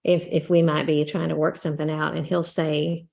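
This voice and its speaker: A woman's voice: low-pitched, level tone, normal speed, creaky, a little mellow. A woman co-hosting a casual faith-based talk show, telling stories in a rambling way with repeated words and acted-out quotes. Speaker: podcast co-host. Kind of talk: casual chat.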